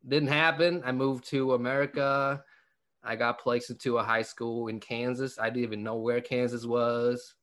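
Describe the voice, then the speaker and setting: A man's voice: medium pitch, little pitch movement, normal speed, a bit bright. A young man from Vietnam with a Vietnamese accent, a stand-up comedian chatting as a guest, joking and laughing often between fillers. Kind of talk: casual interview chat.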